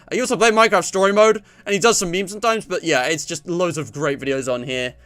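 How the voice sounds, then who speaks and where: A man's voice: sits high, fast talker, fairly bright tone. Chatty young man hosting a stream. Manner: chatty, rambling, laughs often. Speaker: stream host. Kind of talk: casual stream chat.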